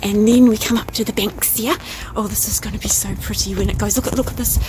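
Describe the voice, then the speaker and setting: A woman's voice: mid-range voice, fairly even intonation, quick pace, background noise. Young New Zealand woman, chatty and bubbly, filming an outdoor garden tour vlog with faint background ambience. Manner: bubbly, enthusiastic, chatty with soft asides. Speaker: vlogger.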